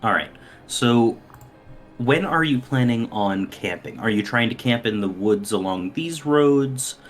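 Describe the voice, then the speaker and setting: A man running a tabletop game as dungeon master, describing the scene in an unhurried way with frequent ums and uhs. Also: mid-range voice, expressive, soft background music.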